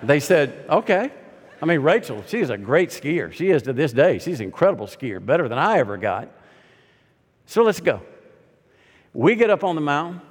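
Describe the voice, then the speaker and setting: Man, middle-aged, pastor, slightly high voice, funny storytelling sermon, long hall echo. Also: normal speed, slightly rough. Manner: storytelling with humor, lively and conversational. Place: large hall or sanctuary.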